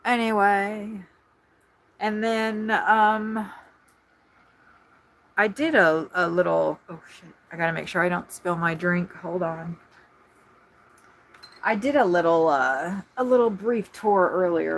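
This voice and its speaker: A woman talks fast and scattered, hopping between thoughts while she streams from her RV. Her voice sits a little low, and it comes through a phone set on a tripod in a small camper. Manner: fast, scattered, excitable chatter. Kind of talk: casual live-stream chat. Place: inside an RV at a campground.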